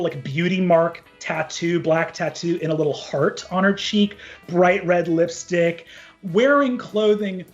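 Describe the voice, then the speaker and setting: A man narrating as game master of a tabletop game, animated and full of fillers. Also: sits high, dull audio.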